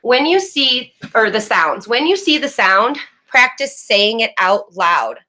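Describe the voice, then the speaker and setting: A woman teaches a reading video lesson to young children, with a bright, clear voice. She stretches her words slowly and clearly and praises often. The sound bounces around an echoey room. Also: fairly high pitch, sing-song. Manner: slow, clear, encouraging teacher talk with drawn-out words.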